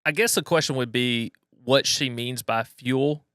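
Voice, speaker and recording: A man co-hosting a podcast, talking through his points in a reflective, measured way with frequent restarts. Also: medium pitch, a bit bright, clean tone, dry recording, studio quality. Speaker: podcast co-host. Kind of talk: casual conversational podcast.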